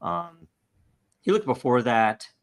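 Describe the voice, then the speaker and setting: A man's voice: mid-range voice, animated, slow pace, gravelly. A man hosting a podcast, reading listener questions and giving emphatic, rambling opinions, often laughing. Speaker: podcast host. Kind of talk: casual podcast discussion.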